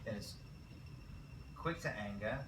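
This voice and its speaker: A man teaching a college class as a rabbi, lively and quizzing his students, correcting himself as he goes. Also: on the low side, slow pace, background noise. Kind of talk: classroom lecture. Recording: roomy classroom picked up from a distance.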